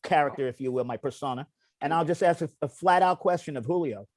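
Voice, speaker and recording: A man's voice: a little high, fast, no echo. Emphatic comedian man, dry sound. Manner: emphatic, interrupts and talks over others. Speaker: comedian co-host. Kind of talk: comedic talk-show banter.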